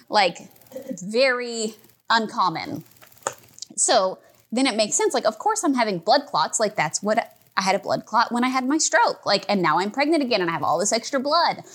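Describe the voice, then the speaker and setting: A woman's voice: mid-range voice, fairly bright tone, slight background noise. A young adult woman telling a personal story in a casual, chatty way, filling her talk with "like" and growing emotional as she retells it.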